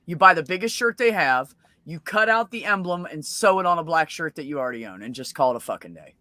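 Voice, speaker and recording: Woman streamer, brash profane storyteller, bright forceful voice, dry close mic. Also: deep voice, animated, quick pace, dry recording. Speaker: stream host. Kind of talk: casual chat, storytelling.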